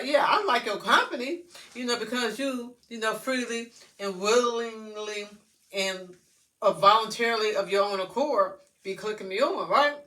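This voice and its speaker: Chatty woman vlogger, bright voice, far-off mic. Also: medium pitch. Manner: chatty, loose and profane, addresses viewers directly. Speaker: vlogger talking to followers. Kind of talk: casual rambling monologue.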